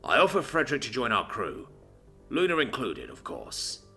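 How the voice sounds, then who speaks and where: A man voicing a serious male alien captain who speaks formally and calmly. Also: mid-range voice, soft background music, voice pushed up, exaggerated voice. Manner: formal, measured, composed.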